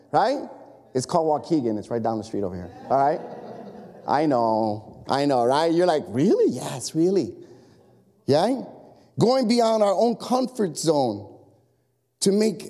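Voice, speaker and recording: Animated pastor preaching in a big echoing hall. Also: male voice, fairly high pitch. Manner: animated, repetitive exhortation with asides. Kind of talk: sermon. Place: church sanctuary. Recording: long echo of a large hall.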